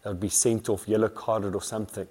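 A man's voice: lowish voice, little pitch movement, quick pace, mellow, husky. A man preaching an earnest sermon as a pastor, building emphasis through repeated phrases.

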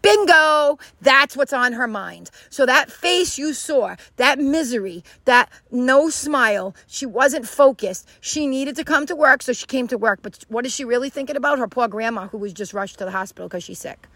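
A woman's voice: a little high, expressive, moderate pace, hardly any pauses, fairly bright tone, dry recording. A woman giving a casual motivational talk to camera, emphatic and repetitive, often acting out little scenes in quoted voices. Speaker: life skills vlogger.

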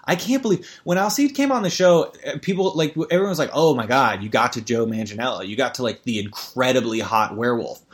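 A man's voice: mid-range voice, expressive, fast, few pauses. A man hosting a podcast in a rambling, stammering comic rant full of swearing and restarts. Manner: rambling, stammering, profane, jumps to mock ad reads. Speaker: podcast host. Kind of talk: rambling comedic podcast chat.

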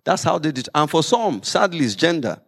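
Gravelly-voiced man preaching with lively swings. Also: fairly high pitch, fairly quick. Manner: lively preaching with humorous asides. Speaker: pastor. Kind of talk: sermon.

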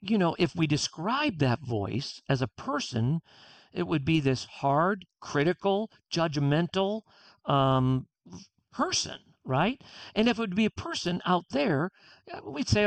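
A man's voice: high voice, big pitch swings, unhurried, no echo. An author being interviewed, a man speaking earnestly and acting out his own inner self-talk. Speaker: author guest. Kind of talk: interview conversation.

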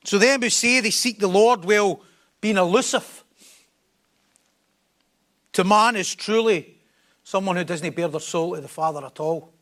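A man's voice: high-pitched, unhurried, long pauses, fairly bright tone. A man preaching a sermon in an emphatic style, repeating key phrases for weight.

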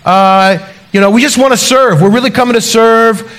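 A man's voice: extremely high pitch, moderate pace, a bit bright. A man voicing an eager, pushy male Canadian youth pastor who talks in a breezy, chummy way while asking for favors in a sermon story.

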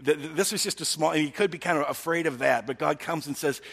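A man's voice: on the high side, quick pace, vocal fry, hardly any pauses, a bit bright, husky, in a large hall. A male pastor giving a conversational sermon, often checking in with his listeners. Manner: talky, keeps checking in with the listeners.

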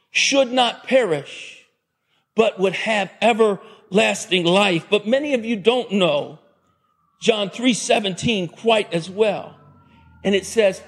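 A man preaching a sermon as a pastor, animated and acting out the voices of the people in his story. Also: high voice, breathy edge. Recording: long hall reverb.

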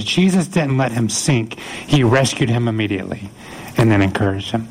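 A man's voice: medium pitch, fairly quick, a little hiss or hum, rough recording. A man preaching an earnest, conversational sermon, talking things through with frequent restarts. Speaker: pastor.

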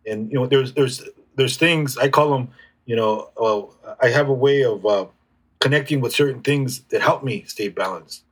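A man speaking as an interview guest, reflective and halting, with frequent restarts. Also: medium pitch, husky. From United States. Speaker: guest healer. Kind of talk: casual conversational interview.

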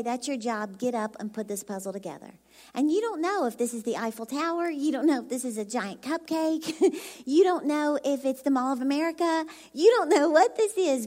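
A woman's voice: high voice, a little mellow. A woman from Dallas with a Texan accent and a very youthful, childlike voice, preaching as a bubbly, chatty guest speaker who laughs often. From Dallas, Texas. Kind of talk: sermon.

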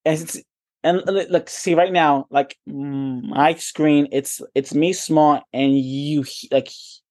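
A man's voice: fairly high pitch, fairly even intonation, takes it slowly, darkish tone. A young man co-hosting a casual podcast. He stutters, keeps repeating words and swears freely. He laughs often while telling his stories. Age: young adult. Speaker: podcast co-host. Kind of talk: casual chat.

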